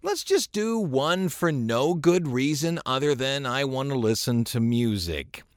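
A man's voice: mid-range voice, sing-song, measured pace, no echo. A man hosting a radio show in a studio, talking in a casual, joking, self-deprecating way close to a studio microphone.

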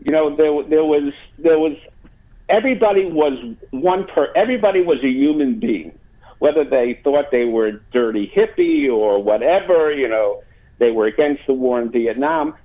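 A man's voice: fairly high pitch, animated, normal speed. A man being interviewed as a guest, telling a story in a rambling way with many fillers and restarts. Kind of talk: phone interview. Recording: tinny phone line.

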